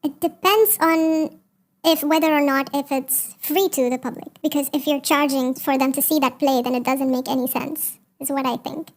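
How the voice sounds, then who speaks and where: A woman with an Indian accent answering speaking test questions, pausing and hesitating as she forms her ideas. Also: high voice, fairly even intonation. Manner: hesitant, many fillers and restarts while forming ideas. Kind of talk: spoken exam answers.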